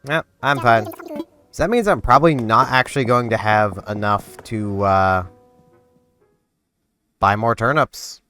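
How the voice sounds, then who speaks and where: A man casually chatting through a life-sim game in a relaxed, rambling way. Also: medium pitch, unhurried, pauses often, faint music behind. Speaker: gaming channel host. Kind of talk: casual gameplay commentary.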